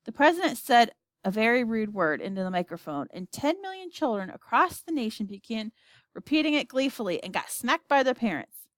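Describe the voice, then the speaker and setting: Lively woman reading a storybook. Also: a little high, brisk, no echo. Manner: expressive, lively character voices. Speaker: audiobook reader. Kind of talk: storybook narration.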